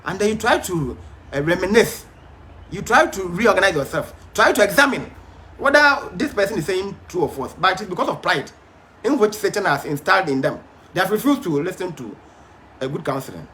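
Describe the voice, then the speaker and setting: A man's voice: high voice, pushed and bright. A man teaching a Bible study, emphatic but hesitant, with frequent fillers and restarts.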